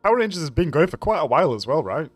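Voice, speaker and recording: A man's voice: a little high, very animated, very fast, no echo, faint music behind. A young man from Bradford, chatting casually and rambling as he streams a racing game, laughing often. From Bradford, England. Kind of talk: casual live-stream chat.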